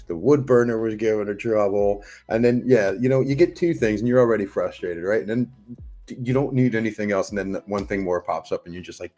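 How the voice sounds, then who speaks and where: A man's voice: on the low side, a little fast, dark tone, faint music behind. A man streaming live, chatting casually and rambling as he answers and reads out viewers' messages. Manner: rambling, talks to chat and reads their messages aloud.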